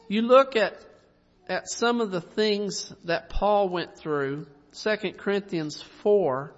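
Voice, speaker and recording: A man preaching a sermon in a folksy way, asking the congregation tag questions and chuckling softly now and then. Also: high-pitched. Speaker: pastor. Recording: dull sound with long reverb.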